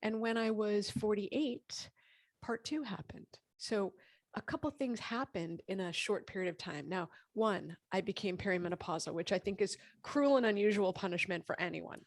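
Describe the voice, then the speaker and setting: A woman in her fifties telling her health story as a podcast guest, animated and lively, acting out what people said. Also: medium pitch, normal speed. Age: 50s. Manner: animated, acts out quoted dialogue. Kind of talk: casual interview storytelling.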